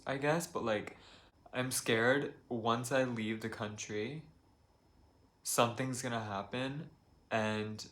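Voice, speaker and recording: A young man in his apartment, talking calmly and confessionally to camera in a soft, rambling way full of fillers. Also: fairly low pitch, slight background noise. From United States. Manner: calm, soft-spoken, rambling with many fillers. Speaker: vlogger. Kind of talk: confessional vlog talk.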